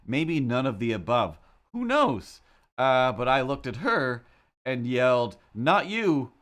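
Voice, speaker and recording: Guy on a livestream rambling thru a funny story, wry and self-mocking, mid-pitched voice. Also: fairly bright tone, clean tone. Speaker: streamer. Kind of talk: casual chat while drawing on a livestream.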